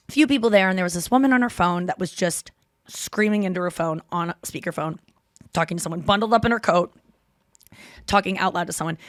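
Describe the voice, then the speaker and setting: A woman hosting a podcast, telling stories in casual chat with quick asides and self-corrections. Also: fairly low pitch, a bit bright, no echo, studio quality. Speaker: podcast host.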